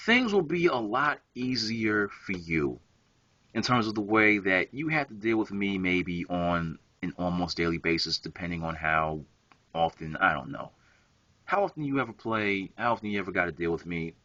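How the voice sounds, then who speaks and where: A man's voice: low-pitched, lively intonation, moderate pace, bright, forceful tone, dry recording. A young man, an online gamer, delivering a profane, confrontational rant straight at a rival. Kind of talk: angry rant to camera. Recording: dull lo-fi home recording.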